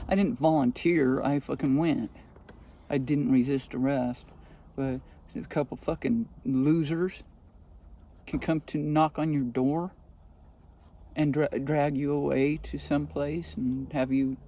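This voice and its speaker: Woman, vlogger, profane rant, agitated, dark mellow voice, faint background hiss. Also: low voice. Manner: profane, agitated, swears constantly. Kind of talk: casual vlog rant.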